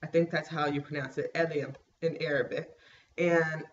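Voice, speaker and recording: A woman's voice: sits low, steady tone, unhurried, dull audio. Chatty woman with a scratchy throat. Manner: chatty, rambling, keeps clearing her throat. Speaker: pregnancy vlogger. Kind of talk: casual chat to camera.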